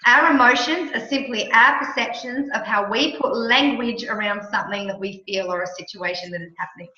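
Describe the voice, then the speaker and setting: Give me an emphatic Australian coach woman, bright and echoey. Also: a little high, fairly quick. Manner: emphatic, animated, checks in with listener. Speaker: mentor and coach. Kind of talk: motivational coaching chat. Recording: echoey room, dull lo-fi sound.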